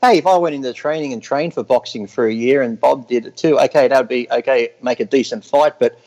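A middle-aged man with an English accent, a bodybuilder guest on a podcast, talking in a dry, deadpan and sarcastic way and swearing freely. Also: medium pitch, a little fast, poor audio. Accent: English, long time in Australia. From England. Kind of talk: casual podcast interview.

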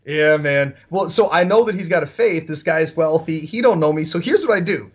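Husky man telling stories animatedly. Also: fairly high pitch, brisk, muffled recording. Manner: animated, full of "like" fillers. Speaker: podcast guest. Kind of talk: casual storytelling.

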